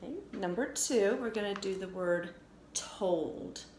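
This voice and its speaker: A woman teacher giving a recorded phonics lesson for children, sounding out letters slowly and clearly. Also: medium pitch, a little mellow. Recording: echoey room with faint noise.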